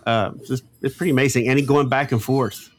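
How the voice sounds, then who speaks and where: Guy co-hosting a podcast, thinks out loud, lots of restarts. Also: mid-range voice, steady tone, fairly quick. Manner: musing, repeats words when starting a thought. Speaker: podcast co-host. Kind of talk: casual chat.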